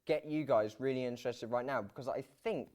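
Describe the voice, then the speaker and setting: A man's voice: medium pitch, quick pace, a little mellow. A young man from the UK, a presenter chatting casually with many restarts and laughs. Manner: rambling, restarts, laughs often. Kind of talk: casual chat.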